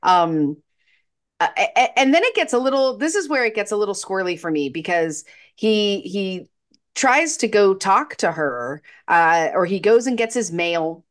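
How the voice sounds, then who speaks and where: A woman co-hosting a podcast recaps a movie's plot in casual chat, often restarting her sentences hesitantly. Her voice is medium-pitched and expressive, at a normal speed.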